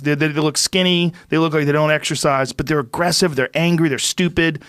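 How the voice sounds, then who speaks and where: A man's voice: a little high, fairly quick, fairly bright tone, dry recording, studio quality. A middle-aged man hosting a podcast, telling a story casually and profanely, acting out what people said. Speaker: podcast host.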